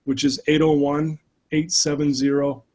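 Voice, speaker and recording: Middle-aged male guest, a touch high-pitched, chatty and animated as he tells his story. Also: normal speed. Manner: animated, many "you know" fillers. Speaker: interview guest, life coach. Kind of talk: casual storytelling.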